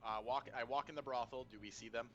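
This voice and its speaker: A man's voice: mid-range voice, fairly even intonation, fast talker, a bit bright, highs cut off, soft background music. A man playing a tabletop game, eager and stammering as he declares his moves. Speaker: player.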